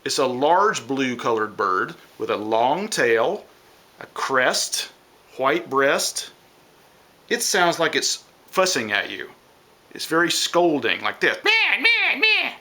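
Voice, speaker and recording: A man's voice: medium pitch, expressive, takes it slowly, pushed and bright. A man teaching children a science lesson, explaining step by step and imitating bird calls.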